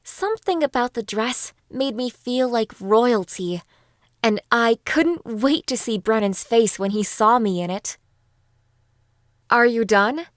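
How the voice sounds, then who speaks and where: A woman narrating a first-person audiobook in a calm, even storytelling manner. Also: on the high side, unhurried, no room sound, studio quality.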